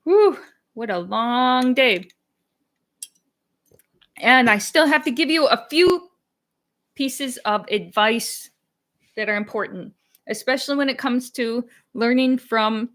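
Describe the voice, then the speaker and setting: A woman's voice: on the high side, lively intonation, takes it slowly, long pauses, a bit bright. A young woman hosting a language-learning channel, chatting casually on a live stream and answering comments. She is candid, laughs often and slips into Chinese phrases.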